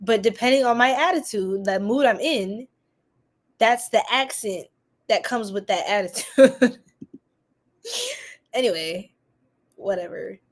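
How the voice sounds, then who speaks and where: Giggly New York woman, slightly high voice. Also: unhurried, long pauses. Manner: goofy and giggly, laughs often. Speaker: tarot reader host. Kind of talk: casual livestream chat reading comments.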